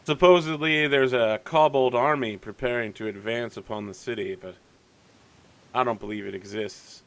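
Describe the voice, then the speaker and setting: A man's voice: medium pitch, normal speed, a bit bright, lightly acted. A man voicing a shrewd, mercenary male tavern informant who talks in a smug, sly way. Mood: conspiratorial.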